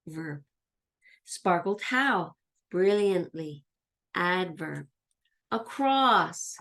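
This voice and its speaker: Slow, sing-song woman teaching grammar. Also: mid-range voice, lively intonation, fairly bright tone. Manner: slow, chanting question-and-answer drills; plays a pretend student asking herself questions. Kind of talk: grammar lesson for young children.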